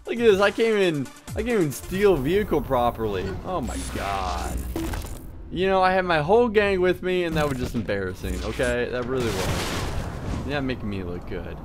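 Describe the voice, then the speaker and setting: A man hosting a gaming channel, giving let's-play commentary on a game he is playing. He gets excited easily, yelps, and laughs at what happens on screen. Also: medium pitch, moderate pace. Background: game music and sounds.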